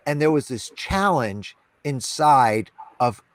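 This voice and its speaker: A man's voice: mid-range voice, lively intonation, slow pace. A man talking as a podcast guest, telling candid stories with emphasis, repeating phrases and filling with "you know" and "right". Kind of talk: candid conversational storytelling.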